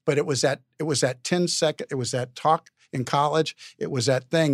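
A man's voice: fairly high pitch, fairly even intonation, fairly quick, dry recording, studio quality. A man talking as a podcast guest, telling a long anecdote in a rambling, stop-start way with lots of repeated words. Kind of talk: casual anecdotal storytelling.

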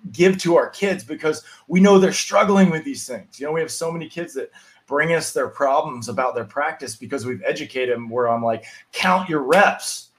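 A man's voice: on the high side, a little fast. A man co-hosting a casual chat, upbeat and talkative about coaching kids. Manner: upbeat, chatty, quotes kids. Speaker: podcast co-host, youth baseball coach.

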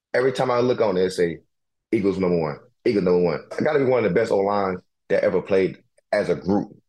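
A man hosting a casual chat, talking in a slangy, profane, animated way, repeating phrases for emphasis and laughing often. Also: fairly low pitch. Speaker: podcast host and pro football player.

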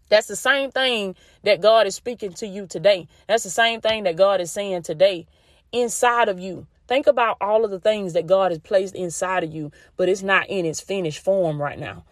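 A woman with a Southern US accent gives a faith-based motivational talk as a podcast host. She talks in a folksy, down-home way, calls her listeners "baby" and "y'all," and repeats lines for emphasis. Her voice sits at an ordinary middle pitch and sounds dry and close, with no room echo. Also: moderate pace. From Southern United States.

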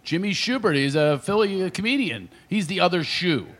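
A man's voice: high-pitched, a little fast. A middle-aged male comedian from the Philadelphia area telling stories on a radio show, acting out voices and laughing often. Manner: animated storyteller, acts out voices, laughs often. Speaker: comedian guest.

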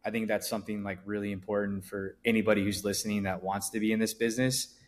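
A man with a fairly low voice talks loosely on a podcast. He rambles, restarts his sentences and leans on fillers, easygoing throughout. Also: flat delivery, quick pace. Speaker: event promoter guest. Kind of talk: casual podcast interview.

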